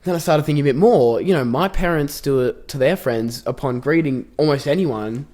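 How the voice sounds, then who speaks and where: A man's voice: a little high, normal speed, darkish tone. Rambling young man. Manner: rambling, restarts sentences, says "like" often. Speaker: podcast co-host. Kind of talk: casual chat.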